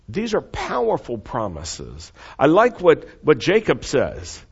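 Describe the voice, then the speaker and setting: A man preaching a sermon with expressive delivery, leading the congregation to repeat lines after him. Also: on the high side, takes it slowly, gravelly, hardly any pauses, slightly rough, lo-fi sound. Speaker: pastor.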